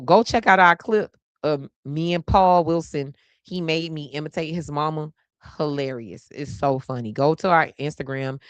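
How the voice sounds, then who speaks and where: A chatty, playful woman hosts a live stream, speaking to her viewers in a low voice and saying y'all at every turn. The sound is dry and close. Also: fairly bright tone, dry recording. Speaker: host of a live stream show. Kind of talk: casual live stream chat.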